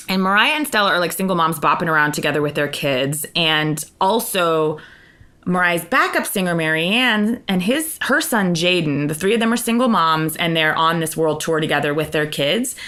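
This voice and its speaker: A woman with a fairly low voice talks through gossipy stories as a podcast co-host. Her chat is loose and casual, full of "like" and asides. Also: normal speed, pushed and bright.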